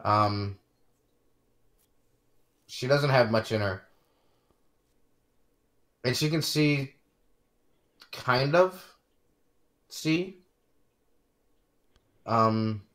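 Hesitant slow-talking man narrating a game. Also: medium pitch, a bit bright. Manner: hesitant, with fillers and repeats.

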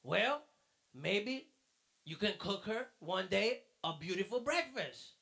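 A man's voice: sits high, lively intonation, takes it slowly, creaky, bright, forceful tone. A man teaching a children's church lesson in a fatherly way, then quizzing the kids. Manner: fatherly, calls the listener mijo.

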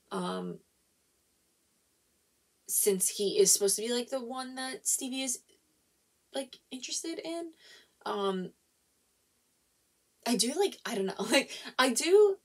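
A woman rambles through a casual, spoiler-filled book review, thinking aloud, saying "like" in nearly every phrase and often restarting her sentences. Her voice is medium-pitched and slightly rough, with vocal fry.

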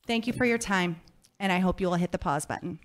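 A woman's voice: fairly low pitch, fast, heavy background noise. A woman giving a prepared public comment to a school board, firm and pointedly critical.

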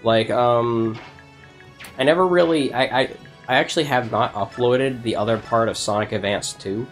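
A man's voice: mid-range voice, moderate pace, soft background music. A man hosting a let's play, chatting casually in a rambling way and laughing often. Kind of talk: casual gaming chat.

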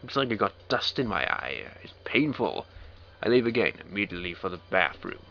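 Gravelly, brisk, and very animated, a low-voiced let's play commentator reads a visual novel out loud. He punctuates the lines with wry, sarcastic remarks, and faint game music sits under the dull lo-fi recording.

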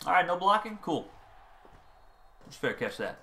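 A man narrates his own video game football match. His pitch swings widely as he goes from calm play-calling to loud outbursts over bad plays. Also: moderate pace. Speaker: gaming channel host. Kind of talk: gameplay commentary.

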